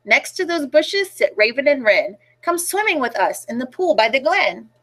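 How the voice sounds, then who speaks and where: A woman's voice: high-pitched, very animated, normal speed, fairly bright tone, full character voice. A woman voicing a friendly big male bear in a children's storybook, with a welcoming, eager way of talking. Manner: welcoming, pleading questions.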